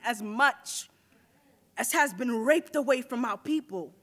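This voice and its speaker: A woman's voice: fairly high pitch, animated, takes it slowly, fairly bright tone. A woman spoken word poet performing live on a stage at a university event, with a rhythmic, rhyming delivery.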